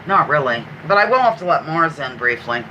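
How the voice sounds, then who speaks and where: A woman with a Pennsylvania accent hosting a live trivia stream at home. She chats casually, corrects herself and repeats clues slowly. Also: deep voice, expressive, bright, forceful tone, highs cut off, slight background noise. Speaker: trivia livestream host.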